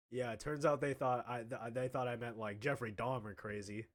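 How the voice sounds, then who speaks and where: A man's voice: mid-range voice, fairly even intonation, fairly quick, hardly any pauses. A man in his twenties telling a casual storytime anecdote, laughing often and stammering through restarts.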